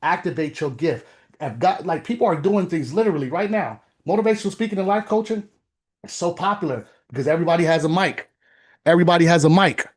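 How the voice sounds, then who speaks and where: A man's voice: fairly high pitch, lively intonation, quick pace, darkish tone. A man who coaches veterans gives a fervent motivational talk. He speaks in a preachy, urgent way, repeats phrases for effect and builds to emphatic peaks.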